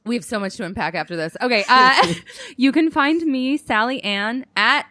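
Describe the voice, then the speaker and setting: A woman's voice: sits high, normal speed, no echo, studio quality. A woman comedian, a podcast guest, telling a story in casual chat, laughing and swearing as she talks. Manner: animated, laughing, swearing, lots of "like".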